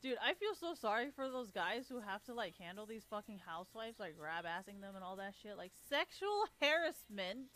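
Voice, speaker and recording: A woman's voice: mid-range voice, expressive, fairly quick, hardly any pauses, fairly bright tone. Foul-mouthed ranting woman streamer. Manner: blunt, sarcastic, swears constantly. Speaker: livestreamer. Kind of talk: profane ranting monologue.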